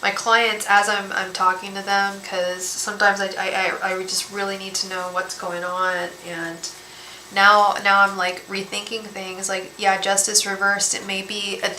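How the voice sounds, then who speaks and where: A woman reading tarot cards on a live stream, talking gently and emotionally, often repeating and restarting her words. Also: mid-range voice. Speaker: tarot reader and psychic medium. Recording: echoey room with faint background hiss.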